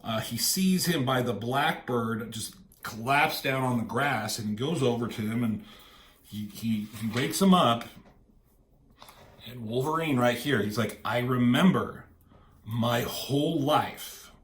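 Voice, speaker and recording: A man's voice: medium pitch, a little slow, echoey room. A man casually retelling a comic book story, slipping into quoted lines from the characters.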